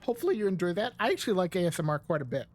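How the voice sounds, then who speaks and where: Chatty young woman streamer, lively pitch. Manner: chatty, rambling, laughs often, pauses to eat. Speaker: VTuber streamer. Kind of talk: casual live-stream chat while gaming.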